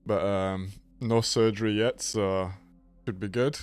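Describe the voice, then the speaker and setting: A man's voice: on the low side, steady tone, slow pace, smooth, no echo, soft background music. A man hosting a casual live stream, nasal and congested from a cold, greeting viewers by name.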